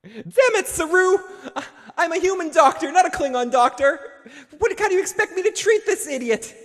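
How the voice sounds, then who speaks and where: A man putting on the voice of an exasperated male starship doctor, shouting in a flustered way. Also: very high-pitched, animated, moderate pace, big-room sound, pitched above the performer's own voice.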